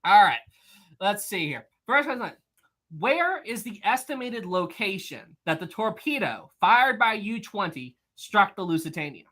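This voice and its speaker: Playful bright-voiced man hosting a live quiz. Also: sits high, very animated, a little slow. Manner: playful, laughs often, teasing chat. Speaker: live stream host running a history quiz. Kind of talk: casual live-stream chat reading viewer comments.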